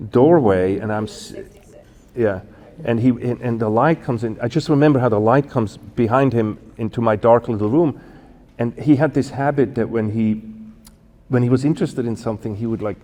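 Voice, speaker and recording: A man in his fifties from Switzerland, telling a personal story as a guest speaker, halting and correcting himself with many fillers. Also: medium pitch, mellow. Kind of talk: storytelling talk. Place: church event hall. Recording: long hall reverb.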